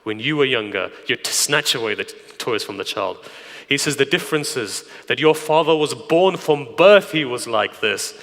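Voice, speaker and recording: A man preaching a sermon through stories, dropping to hushed whispers and then rising to loud emphasis. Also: medium pitch, animated, moderate pace, vocal fry. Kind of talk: sermon storytelling. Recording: long hall reverb.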